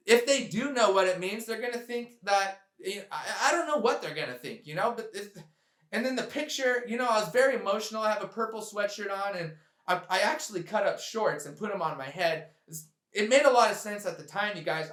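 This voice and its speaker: A man's voice: high-pitched, animated, fairly quick, a bit bright, echoey room. A man talking straight to camera on his sailing channel, earnest and heartfelt as he addresses his viewers. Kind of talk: direct-to-camera vlog talk.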